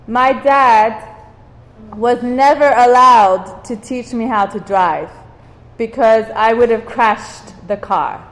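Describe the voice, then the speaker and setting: Slow-talking woman teaching the Bible. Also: on the high side, in a large hall. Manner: conversational, checks in with "okay?", laughs at own stories. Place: room with a small group.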